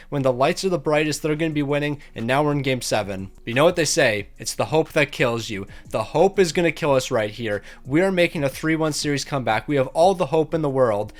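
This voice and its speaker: A young man giving casual gameplay commentary from a home setup, sarcastic and exasperated, talking quickly into a desk microphone. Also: a little high. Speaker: gaming YouTuber.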